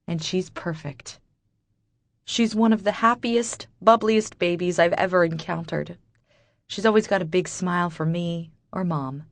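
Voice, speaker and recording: Low-voiced woman narrating an audiobook. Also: no echo. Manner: bitter, wry inner monologue. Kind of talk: first-person audiobook narration.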